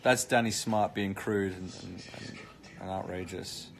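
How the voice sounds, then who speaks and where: A man's voice: low-pitched, steady tone, measured pace, vocal fry, slight background noise. A British man chatting casually on a live stream, reading comments with cheeky, joking banter. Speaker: actor streaming live to fans.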